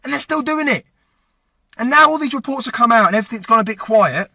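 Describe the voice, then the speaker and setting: High, sharp-voiced angry man. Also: lively intonation, fast, vocal fry. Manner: angry, impassioned, swearing. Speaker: vlogger. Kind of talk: direct-to-camera rant.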